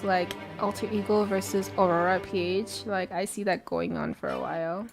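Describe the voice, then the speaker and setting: A woman's voice: on the low side, a little slow, vocal fry. A woman hosting a live-stream watch party, chatting casually and answering viewer questions aloud. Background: faint background music.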